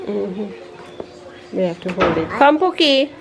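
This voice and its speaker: A woman's voice: medium pitch, lively intonation, slow pace. A woman, a mom talking casually to her toddler in a home vlog, playful and coaxing with frequent laughter. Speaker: vlogger mom. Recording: echoey room, faint background noise.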